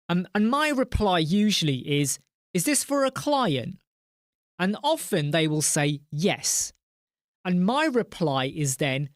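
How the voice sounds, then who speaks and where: A man's voice: high voice, sing-song, normal speed, no echo, clean studio sound. A man hosting a live chat stream, speaking passionately, ranting and swearing. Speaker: host.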